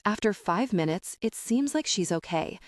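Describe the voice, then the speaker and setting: A young adult woman reading a first-person romance audiobook with a steady, calm and expressive delivery. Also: mid-range voice, normal speed, no echo, clean studio sound. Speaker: audiobook narrator.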